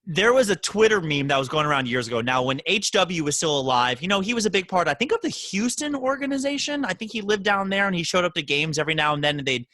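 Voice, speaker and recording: A man hosting a casual podcast, quizzing his guest with teasing, animated banter. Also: high voice, quick pace, hardly any pauses, dry recording. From Baltimore, Maryland. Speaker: podcast host.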